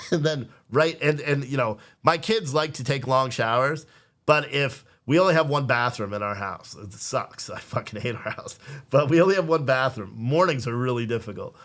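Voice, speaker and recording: A man's voice: medium pitch, moderate pace, fairly bright tone. A man in his thirties rambles through a family story on his podcast. He swears freely and acts out the lines of his kids and wife. He keeps breaking off to restart. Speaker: podcast host. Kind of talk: casual storytelling on a live stream.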